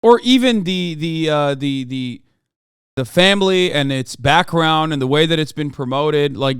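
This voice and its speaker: A man hosting a livestream, ranting at his chat in a profane, sarcastic, heated way, sometimes shouting. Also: clear, resonant tone, dry recording, studio quality. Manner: shouts and raises pitch when ranting. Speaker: livestream host reacting to chat. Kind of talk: casual livestream rant.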